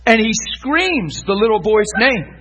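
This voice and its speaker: A middle-aged man, a pastor, telling laughing stories in a sermon from the pulpit, dropping to a hush and then rising loud. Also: high voice, a little slow, low-quality recording. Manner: laughing, lively anecdotes, swings from hushed to loud. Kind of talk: sermon storytelling. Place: church pulpit.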